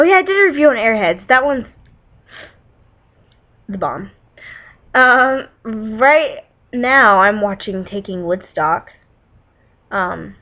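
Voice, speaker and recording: A teenage girl rambling about films she loves, in a casual vlog. She is loose and chatty, full of "like" and "um," and breaks off with little giggles. Her webcam audio sounds dull and lo-fi, at a middle pitch for a young woman. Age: teens. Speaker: vlogger reviewing movies. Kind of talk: casual rambling movie talk.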